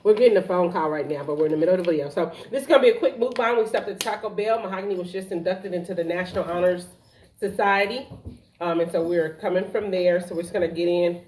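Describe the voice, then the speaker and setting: A woman's voice: on the low side, quick pace, darkish tone. A middle-aged woman hosting a family mukbang, chatting and laughing as she asks her family questions while they eat. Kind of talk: casual chat while eating. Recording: roomy sound from a distant mic, faint noise.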